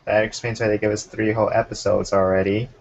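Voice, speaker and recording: A young man hosting a casual chat, relaxed and talkative, keeping an eye on the time. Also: fairly low pitch, fast talker, gravelly. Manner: relaxed, chatty, keeps time. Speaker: podcast host. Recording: muffled lo-fi recording.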